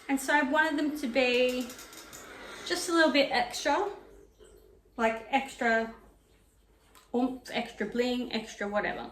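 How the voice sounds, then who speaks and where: A woman with a high voice talks at a measured pace and pauses often while ironing at home. In a casual, chatty vlog about knitting and sewing, she tells a digressive story, recorded in an echoey room with slight background noise.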